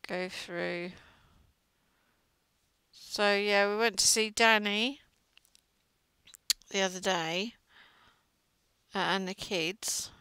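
Woman, middle-aged, chatty crochet vlog, dry close sound, slow unhurried talk. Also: mid-range voice, fairly even intonation, sharp tone, clean tone, no room sound, low-quality recording. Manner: chatty, gossipy, trails off mid-sentence. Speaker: crochet vlogger. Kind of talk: casual chat while crocheting.

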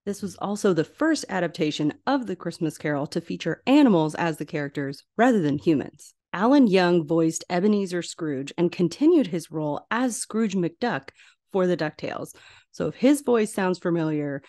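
A young woman talks through a film rewatch in a relaxed, chatty podcast style. Her voice sits a little low for a woman, and she gushes with enthusiasm as she goes. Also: normal speed. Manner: gushing, enthusiastic, chatty with laughs. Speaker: podcast host. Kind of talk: casual film rewatch commentary.

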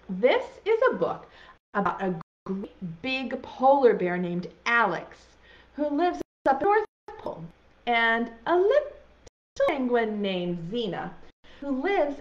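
A woman's voice: a little high, lo-fi sound. A young woman teaching a virtual preschool class, playful and encouraging, praising children's guesses in a sing-song way.

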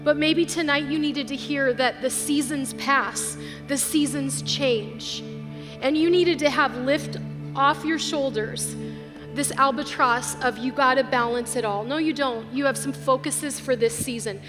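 Woman pastor preaching, high voice, chatty and heartfelt, big echoey hall w/ soft music. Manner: earnest, emotional, chatty. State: tearful at times. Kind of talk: sermon. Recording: live hall with long reverb, faint music.

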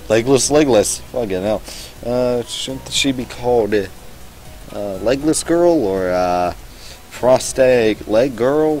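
In a low-quality recording, a young man with a medium-pitched, somewhat mellow voice provides let's-play commentary on a visual novel. He reads the on-screen text out loud, breaking in with sarcastic remarks and frequent profanity.

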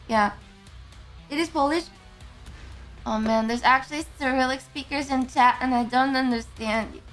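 Woman streamer, casual chat, sleepy and slurring, high and animated. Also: unhurried, long pauses, faint music behind.

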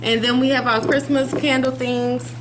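A woman's voice: high-pitched, level tone, normal speed, noisy background. A young woman vlogging at home, chatting upbeat to the camera about her plans. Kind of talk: casual chat to camera. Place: at home, indoors. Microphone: handheld camera.

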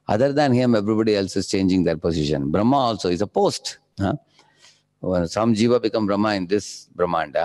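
Male lecturer, low mellow voice, story-driven devotional talk with constant "huh?" check-ins. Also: creaky. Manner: frequent "huh?" checks with the audience. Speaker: spiritual lecturer.

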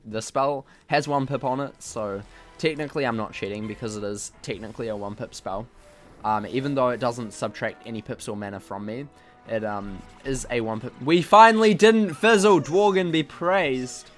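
A man's voice: fairly low pitch, steady tone, moderate pace, soft background music. A man giving casual, jokey commentary while playing a video game, mocking himself and exclaiming at what happens. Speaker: gaming channel host.

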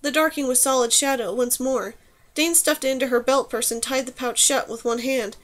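A woman reading a fantasy novel aloud as audiobook narrator, in an even, measured way. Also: high voice. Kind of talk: scripted narration.

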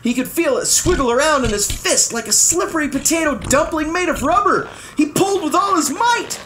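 A woman reading a storybook aloud in a lively, expressive bedtime-story style. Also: high-pitched, fairly quick, a little hiss or hum.

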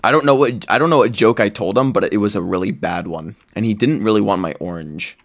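Excitable, gravelly-voiced man. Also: brisk. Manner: excitable and jokey, squealing high when delighted. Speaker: gaming video creator. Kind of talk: playing commentary on a survival game.

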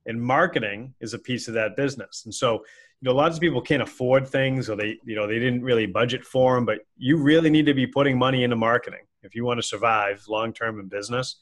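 A man's voice: mid-range voice, fast talker, a bit bright. A man co-hosting a casual business talk show, rambling with many fillers and restarts. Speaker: podcast co-host. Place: office with a whiteboard behind.

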